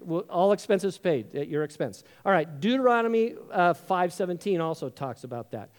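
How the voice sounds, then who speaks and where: A high-voiced man preaching to a congregation. He keeps it conversational and joking, and slips into little character voices when he tells a story. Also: lively intonation, moderate pace. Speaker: pastor. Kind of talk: sermon.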